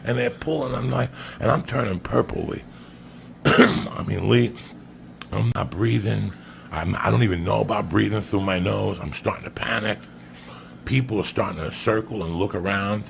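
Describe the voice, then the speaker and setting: Gravelly low-voiced man telling stories. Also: normal speed, slight background noise. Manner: profane, animated storytelling. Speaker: podcast guest. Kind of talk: storytelling anecdote.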